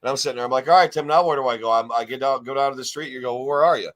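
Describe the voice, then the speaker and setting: Talking at a racing clip in a medium-pitched voice, this podcast co-host from New York State tells a sprawling, profane story in relaxed chat. He brings it to life by impersonating the other people involved.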